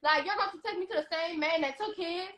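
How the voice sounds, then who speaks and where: Young woman, high voice, blunt, animated, telling her story. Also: fast. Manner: animated, blunt, repeats herself. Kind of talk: casual storytelling.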